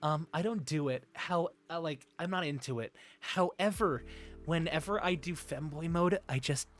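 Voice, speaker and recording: A man streaming live, chatting in a soft, breathy, put-on high "femboy" voice close to the mic, giggling and reading chat aloud. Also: normal speed, faint music behind.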